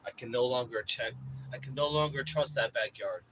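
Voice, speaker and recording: A man's voice: medium pitch, normal speed, a bit bright, slight background noise, rough recording. A young man casually telling a rambling story full of swearing, often saying bro. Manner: profane, rambling, says bro a lot. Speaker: vlogger.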